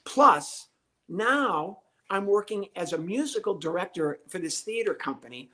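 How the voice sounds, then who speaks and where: A man in his sixties, a comedian guest telling a lively story and acting out the voices of the people in it. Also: high voice, unhurried. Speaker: podcast guest, comedian and ventriloquist. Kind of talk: storytelling interview.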